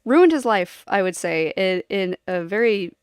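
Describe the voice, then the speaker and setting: A woman's voice: mid-range voice, lively intonation, a little slow, smooth, no echo, clean studio sound. A woman streamer chatting casually to her viewers, rambling and giggling as she jumps from one topic to the next.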